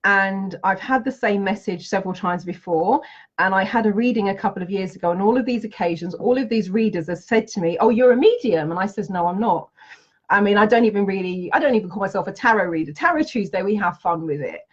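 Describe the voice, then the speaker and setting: Brief: bubbly, enthusiastic woman, mid-pitched, chatty live-stream host, slightly dull lo-fi audio. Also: quick pace. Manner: bubbly, enthusiastic, laughs often. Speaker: tarot reader and trainer. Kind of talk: Facebook Live chat with viewers.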